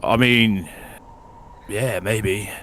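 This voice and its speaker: A man's voice: on the low side, very slow, a bit bright, a little hiss or hum. A man playing a tabletop game, joking crudely in character. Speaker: player.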